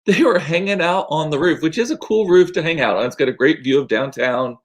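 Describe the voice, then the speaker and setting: A man's voice: on the high side, expressive, brisk. A man, chatting casually and rambling in a home vlog, chatty and self-deprecating. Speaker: vlogger. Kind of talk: casual chat.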